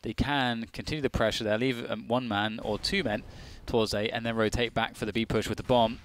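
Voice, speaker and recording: A man's voice: medium pitch, fairly even intonation, a little fast, slight background noise. A man giving chatty color commentary on an esports match, thinking aloud as he analyses the play.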